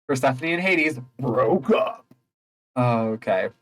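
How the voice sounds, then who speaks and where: A man's voice: mid-range voice, very animated, moderate pace, low-quality recording. A man chatting playfully through casual gameplay commentary. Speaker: gamer.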